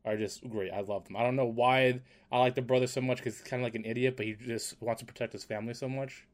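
Male podcast co-host, mid pitch, casual and animated storyteller. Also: fast. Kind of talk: casual chat.

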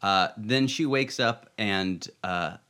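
Low-voiced man chatting loosely. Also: slow, bright, forceful tone, smooth. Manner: rambling, laughs often, frequent "like" fillers. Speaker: podcast co-host. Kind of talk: casual chat recapping a TV episode.

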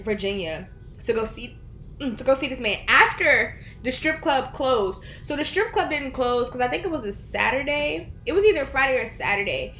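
A woman's voice: fairly high pitch, animated, moderate pace, a bit bright, slight background noise. A young woman co-hosting a podcast, chatting casually and telling rambling stories while she eats. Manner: rambling storyteller, talks while eating. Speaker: podcast co-host. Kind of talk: casual chat. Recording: echoey room.

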